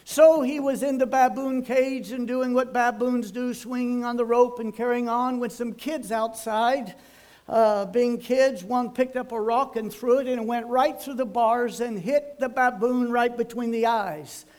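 A man's voice: very high voice, steady tone, measured pace, a little mellow. An older man preaching a sermon, telling folksy stories and exhorting emphatically. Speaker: pastor.

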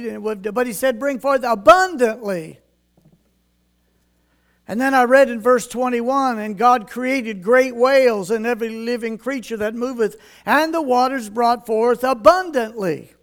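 An older man preaches a homespun sermon in an unusually high voice for a man. His delivery is slow and unhurried, with a gravelly edge. He reads old scripture in a measured King James cadence. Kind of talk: folksy sermon with scripture reading.

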